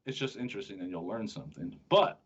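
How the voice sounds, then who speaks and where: A man's voice: fairly low pitch, expressive, quick pace, breathy edge. A man hosting a sports podcast, chatting casually and joking with his co-host, often restarting his sentences. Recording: dull lo-fi sound.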